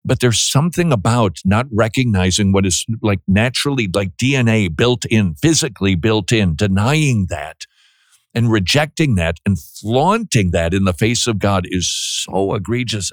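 Man, radio host type: earnest Christian call-in talk, lowish register, dry close sound, trips over restarts. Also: dry recording. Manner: earnest, preachy, with stammered restarts.

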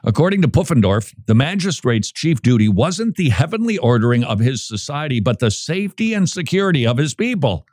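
A man's voice: mid-range voice, brisk, few pauses, no room sound, studio quality. A man hosting a radio talk show, chatting in a playful, joking way about church history. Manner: playful, jokey, animated. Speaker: radio host.

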